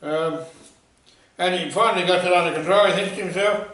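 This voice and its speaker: A man telling a comic anecdote in a rambling, animated way. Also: high voice, moderate pace, long pauses. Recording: echoey room, voice far from mic.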